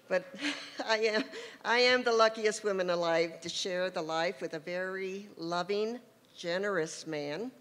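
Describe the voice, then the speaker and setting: A woman giving a heartfelt, halting tribute speech at an award show. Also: lowish voice, a bit bright. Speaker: inductee's wife giving a tribute. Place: large hall at an award show. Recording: reverberant hall with faint noise.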